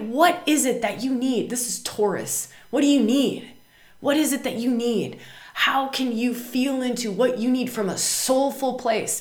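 Woman podcast host for a spiritual astrology show, emphatic and repetitive, recorded in a roomy space. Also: medium pitch. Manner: emphatic, repeats words and tags "right?".

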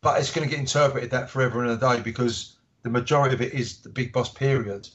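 Animated man telling stories. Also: medium pitch, fast talker. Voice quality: animated storyteller, acts out quoted voices. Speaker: author guest. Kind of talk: casual interview storytelling. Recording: dull lo-fi audio.

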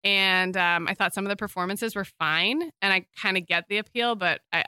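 A woman co-hosting a podcast in casual chat, easygoing, quick to laugh and agree. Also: medium pitch, bright, forceful tone, clear, resonant tone, dry recording. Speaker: podcast co-host.

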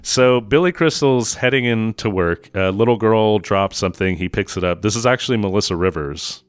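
A man's voice: lowish voice, moderate pace, smooth, no echo, clean studio sound. A man co-hosting a podcast, casually recapping a movie scene by scene and laughing often. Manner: laughs often, recounts scenes with quoted lines. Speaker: podcast co-host.

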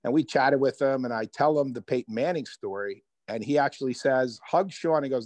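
A man telling personal stories as a guest in an interview, lively and conversational. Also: medium pitch, brisk, few pauses, dry recording. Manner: animated storyteller, acts out quoted voices. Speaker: author and guest. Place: Hoboken.

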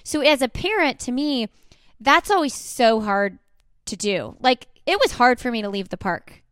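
A woman hosts a podcast with a slightly high, smooth and clear voice. She chats casually, often agreeing with her guest and adding her own relatable asides. The sound is dry and close. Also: lively intonation, moderate pace, no echo. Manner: warm agreeing backchannels, relatable personal asides. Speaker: podcast host. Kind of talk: casual interview chat.

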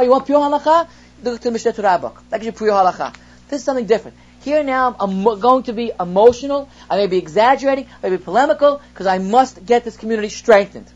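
A man's voice: very high-pitched, animated, rapid-fire. Male rabbi, class lecture: explanatory, poses rhetorical questions; muffled lo-fi recording. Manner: explains by example, poses rhetorical questions, reads Hebrew then translates. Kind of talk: text study lesson.

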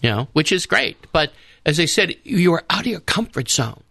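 A man's voice: on the high side, sing-song, moderate pace, vocal fry, bright, forceful tone, no room sound. A man, a priest and guest on a radio talk show, telling rambling stories in a casual discussion with many restarts. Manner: rambling storyteller, restarts often. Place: radio studio.

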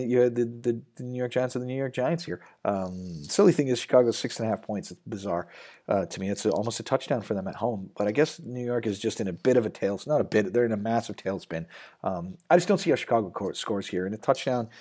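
A man's voice: fairly low pitch, mellow. A man hosting a sports betting show, talking loosely and rambling with lots of fillers and restarts. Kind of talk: casual sports betting talk.

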